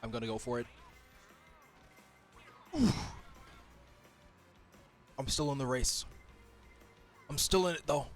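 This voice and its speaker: A man's voice: mid-range voice, slow, pauses often, faint music behind. A man streaming a racing game, chatting casually and joking with viewers. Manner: animated, laughs often, jokey chatter with viewers. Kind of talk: casual gaming stream chat.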